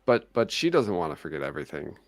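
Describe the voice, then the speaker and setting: A man's voice: deep voice, very animated, fast talker, no echo. A man chatting as a guest, easygoing and full of questions. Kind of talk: casual chat.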